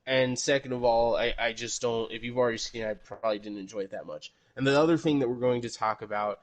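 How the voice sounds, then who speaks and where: A man's voice: medium pitch, quick pace. A man hosting a casual podcast, rambling and correcting himself, swearing freely. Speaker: podcast host.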